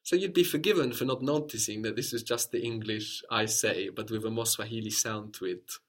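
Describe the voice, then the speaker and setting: A man's voice: lowish voice, fairly quick. A man teaching a language lesson, patiently explaining step by step and modeling phrases for a learner to repeat.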